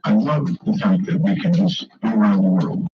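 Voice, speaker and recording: A man's voice: lowish voice, moderate pace, lo-fi sound, crowd noise. A man hosting a late-night call-in radio show, chatty, wry and easily amused. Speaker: radio talk show host.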